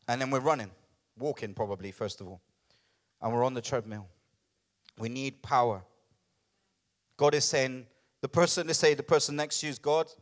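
A man preaching a sermon as lead pastor, conversational and animated, often checking in with the congregation. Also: mid-range voice.

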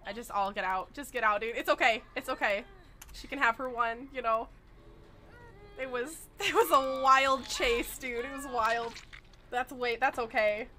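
A woman's voice: on the high side, unhurried. A woman streaming a horror game at a desk microphone, chatting casually and breaking into laughs and shrieks. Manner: excitable, laughs and shrieks often. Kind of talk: casual live-stream chat.

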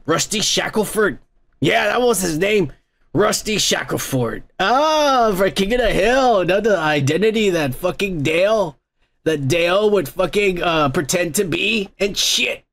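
A man's voice: high voice, creaky, fairly bright tone. A man hosting a podcast, reading viewer comments aloud in a crude, rambling, mocking way and laughing often.

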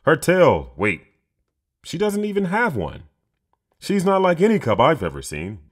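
A man's voice: a little high, huge pitch swings, unhurried, voice pushed up, exaggerated voice. A man voicing curious, playful young wolf cubs full of wonder. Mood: amazed.

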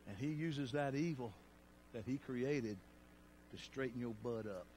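A middle-aged man, preaching a sermon with storytelling and loud bursts. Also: medium pitch, a little slow, a little hiss or hum.

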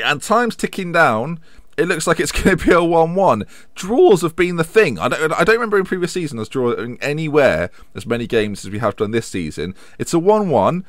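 A man's voice: medium pitch, a bit bright, dry recording. A young man from England giving rambling, self-mocking casual commentary over a football management game, slipping into mock match commentary. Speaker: gaming YouTuber.

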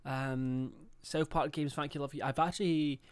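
A man's voice: fairly high pitch, steady tone, moderate pace, smooth. Sweary young man streaming a game. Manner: chatty, swears a lot, reads out chat. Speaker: livestreamer. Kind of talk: casual live-stream chat.

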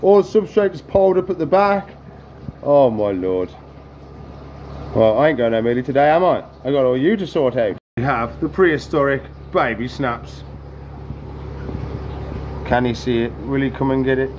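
A man's voice: medium pitch, lively intonation, moderate pace, long pauses, a little mellow, slight background noise. A man hosting a reptile-feeding vlog, chatting away and coaxing the animals in a sing-song voice. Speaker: reptile keeper and channel host. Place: indoors among reptile tanks.

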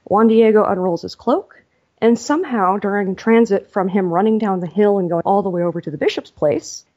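A woman author, a podcast guest, telling a story in a lively, casual way. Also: medium pitch, fairly quick, dull audio.

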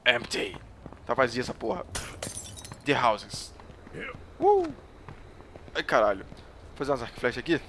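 A man from Brazil with a Brazilian accent, a gamer joking his way through gameplay commentary with playful teasing and sudden excited yelps. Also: mid-range voice, normal speed, pauses often, slight background noise. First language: Portuguese. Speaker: gamer hosting a let's play channel.

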